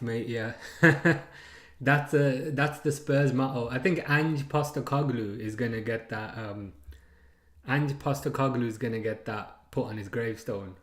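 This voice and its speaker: A man's voice: medium pitch, echoey room. A man in his thirties hosting a live football watchalong, chatting, laughing and reading out viewer comments. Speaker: watchalong streamer.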